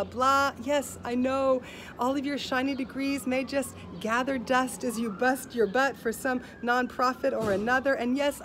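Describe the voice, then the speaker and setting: A woman speaking on a video call, telling a personal story and ending in rhythmic, rhyming spoken-word poetry, often dropping quieter. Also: sits high, slight background noise. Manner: passionate, rhythmic, rhyming delivery that drops softer at the end. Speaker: speaker at an online festival.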